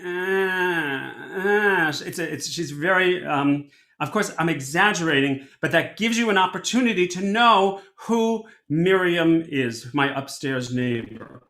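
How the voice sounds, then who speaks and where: A man teaching a storytelling workshop as a cantor, animated and conversational, often restarting his sentences. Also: a little high, measured pace. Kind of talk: workshop lesson. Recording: echoey room.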